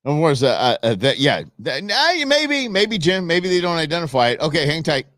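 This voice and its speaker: A man hosting a live stream, talking in a loose, rambling way full of restarts and jokey asides. His pitch swings up and down a lot as he gets worked up. The sound is close and dry, with no room echo. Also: big pitch swings, moderate pace, a bit bright. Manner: jokey, opinionated banter. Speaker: host of a live election-night stream. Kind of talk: casual live-stream commentary.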